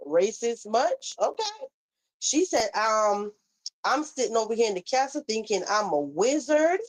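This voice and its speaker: Chatty woman on a live stream, kinda high voice, sassy, talking to the chat. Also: low-quality recording. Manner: sassy, chatty, addressing viewers directly. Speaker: livestream host. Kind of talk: casual livestream reaction. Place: Florida home.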